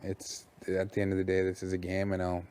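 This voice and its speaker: Man, very deep voice, easygoing housemate chat, faint hiss. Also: monotone, fairly quick, a little mellow. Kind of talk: casual chat. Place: reality show house.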